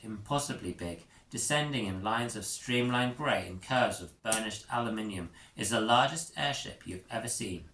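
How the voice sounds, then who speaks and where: A man reading an interactive story aloud, expressive and doing character voices. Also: lowish voice. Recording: echoey room with faint noise.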